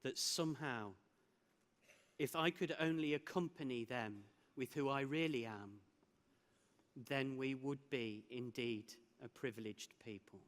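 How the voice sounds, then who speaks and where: At a measured pace, a man with a medium pitch and a slightly bright tone gives a conference keynote. His personal story includes laughs and restarts, captured in a large hall with a long reverb.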